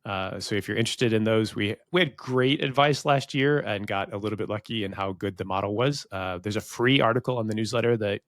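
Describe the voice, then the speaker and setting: A man's voice: fairly low pitch, a little fast, hardly any pauses, fairly bright tone, no echo, clean studio sound. An American man co-hosting a podcast, talking frankly in casual chat, swearing now and then and often restarting his sentences. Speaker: podcast co-host.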